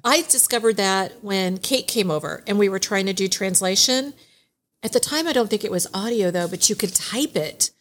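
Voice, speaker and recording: Animated middle-aged woman telling stories. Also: mid-range voice, moderate pace. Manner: animated, laughs often while telling stories. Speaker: guest, divorce mediation attorney. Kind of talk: casual podcast storytelling.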